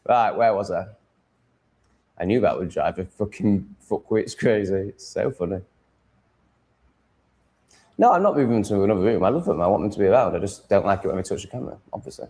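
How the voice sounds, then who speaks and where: Speaking low and animated with a dark tone, an English man rants bluntly and profanely to his livestream audience from his cat-filled home room. He talks briskly but pauses often.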